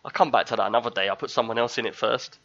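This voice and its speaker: Show regular, man in his thirties, bright forceful voice, lively storyteller, dull lo-fi recording. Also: medium pitch, racing. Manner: animated storyteller, acts out screams. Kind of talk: casual chat.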